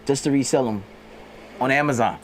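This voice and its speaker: A woman's voice: very deep voice, a little fast, slight background noise. A woman hosting a podcast, talking bluntly with lots of cursing and laughter. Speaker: host. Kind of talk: casual podcast banter.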